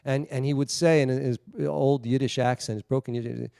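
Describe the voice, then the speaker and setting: Brief: male rabbi on video call, smooth tone, chatty asides. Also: medium pitch, steady tone, warm tone, no echo, studio quality. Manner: halting asides with restarts. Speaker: rabbi leading a service. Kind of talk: liturgy reading and casual storytelling.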